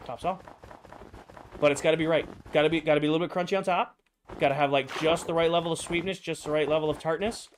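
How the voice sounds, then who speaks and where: Chatty higher-voiced male streamer. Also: fairly even intonation, fast, slight background noise. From United States. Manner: reads viewer replies aloud, playful and opinionated. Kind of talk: casual livestream chat over gameplay.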